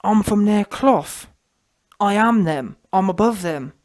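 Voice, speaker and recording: Man doing a mocking take on a bragging young male fighter, voice pitched high. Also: expressive, slow, darkish tone. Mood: boastful. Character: boastful young male boxer, cocky.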